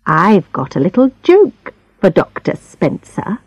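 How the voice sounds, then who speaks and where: A woman's voice: mid-range voice, wildly swooping pitch, a little slow, no room sound. A woman voicing a sickly, scornful older rich woman who complains without end, in a storybook reading. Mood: sly. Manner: whiny, scornful, petulant.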